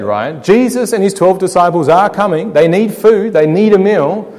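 Male preacher, a touch high-pitched, dramatic sermon delivery with hushed emphatic drops; long hall reverb. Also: lively intonation. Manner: dramatic storytelling, rhetorical questions, slows and drops quiet for emphasis.

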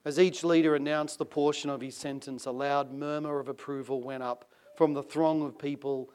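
A male preacher delivering a sermon, reading passages aloud with measured, dramatic emphasis that swells on key phrases. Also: a little high, fairly even intonation, darkish tone, clear, resonant tone.

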